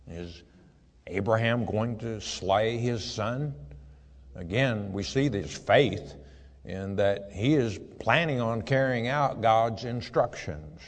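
Slow, low-voiced male preacher in a reverberant hall. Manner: measured, deliberate reading with asides. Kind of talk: sermon reading scripture with commentary.

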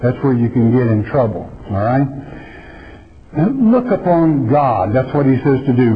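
Slow, folksy preacher man. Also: medium pitch, sing-song. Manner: emphatic, folksy, slow deliberate scripture reading. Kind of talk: sermon. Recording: dull lo-fi recording.

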